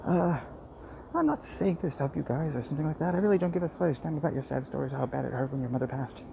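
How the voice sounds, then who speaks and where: A man streaming a game, rambling to himself in a sarcastic, dark-humored monologue. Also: on the high side, quick pace, vocal fry. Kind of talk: rambling live-stream monologue while playing. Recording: steady background noise.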